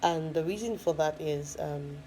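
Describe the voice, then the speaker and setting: Low-voiced woman telling a personal story. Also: a little slow, mellow, a little hiss or hum, poor audio. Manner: chatty, many fillers, laughs often. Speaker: first-time mom sharing her story.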